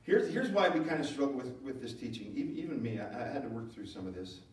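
A male pastor preaching a sermon, moving between loud emphatic lines and low, quiet asides. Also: animated, quick pace. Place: church sanctuary. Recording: very echoey hall, voice from far off.

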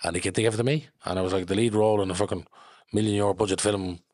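Fast-talking Dublin man, low voice. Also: no echo, studio quality. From Ireland. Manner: animated, swears freely, acts out quoted voices. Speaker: podcast guest. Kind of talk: casual storytelling.

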